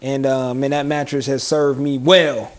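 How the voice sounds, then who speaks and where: A man's voice: medium pitch, level tone, unhurried. A young man co-hosting a podcast, telling a story in casual slang and laughing often. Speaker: podcast co-host.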